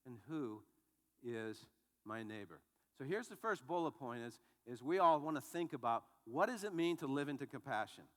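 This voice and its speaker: A man preaching a sermon as pastor, telling the story in an animated way with frequent restarts. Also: fairly high pitch, a little fast, hardly any pauses, long reverb tail.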